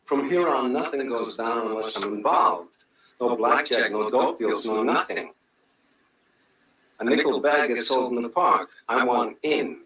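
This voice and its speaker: An actor playing a defiant drug kingpin who lays down the law with commanding, declarative speech. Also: male voice, mid-range voice, unhurried, pushed and bright. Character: defiant male drug kingpin claiming the streets. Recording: roomy film audio from a distance.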